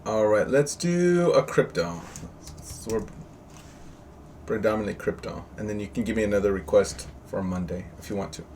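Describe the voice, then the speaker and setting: A man's voice: lowish voice, normal speed, darkish tone. A man teaching a live online class over a video call, chatty and jokey, often quizzing his students. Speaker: trading teacher. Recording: distant mic with faint noise.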